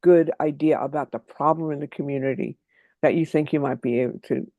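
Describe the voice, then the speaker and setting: A trainer giving an online workshop, talking quickly and keeping the audience involved by asking them for answers. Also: mid-range voice, dry recording, phone-quality sound. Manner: lively, quick and engaging, invites answers from the audience.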